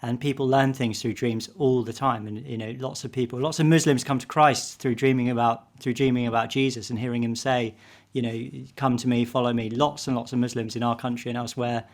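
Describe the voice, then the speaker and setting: A man's voice: medium pitch, fairly even intonation, fairly quick. A man who is a vicar, speaking as a podcast guest in a casual, hesitant way, with repeated words as he finds his thoughts.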